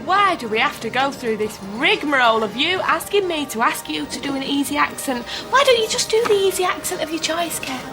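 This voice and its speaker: A cheeky factory worker in a TV drama, her voice high and bouncing all over the place. She teases her workmates while music plays behind her. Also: animated, fairly quick, hardly any pauses. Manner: teasing, cheeky. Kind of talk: TV drama acting.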